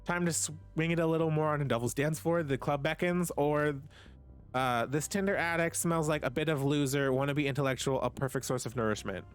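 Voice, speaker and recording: A man streaming live, reading a game's story text aloud in a casual way and breaking off for quick asides to his chat. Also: a little high, clean tone, faint music behind.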